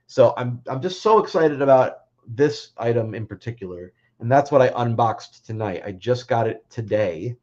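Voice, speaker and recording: A man's voice: mid-range voice, animated, moderate pace, few pauses, a little mellow, highs cut off. A man hosting a casual livestream, chatting in a rambling way with many fillers and restarts. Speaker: livestream host.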